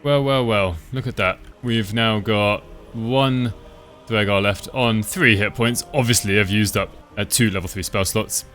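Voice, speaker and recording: A man giving relaxed, chatty commentary over his own gameplay, thinking aloud as he plays. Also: fairly low pitch, unhurried, soft background music. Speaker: gaming channel host.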